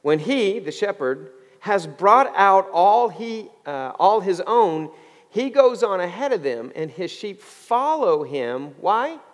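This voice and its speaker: A male pastor delivering a sermon, drawing out scripture readings slowly and pressing his points to the congregation. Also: big-room sound. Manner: preaching with lively swings in pitch, slowing down on scripture readings.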